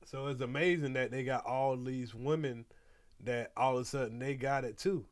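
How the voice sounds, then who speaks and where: A man's voice: medium pitch, fairly even intonation, normal speed. Blunt man doing reaction commentary. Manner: blunt, preachy, slangy asides. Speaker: reaction video host.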